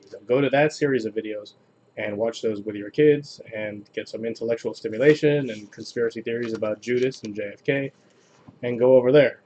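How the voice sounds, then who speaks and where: A man hosting a casual video where he reads jokes aloud in a flat, deadpan delivery. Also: mid-range voice, lo-fi sound. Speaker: host reading jokes on video. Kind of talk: casual joke reading.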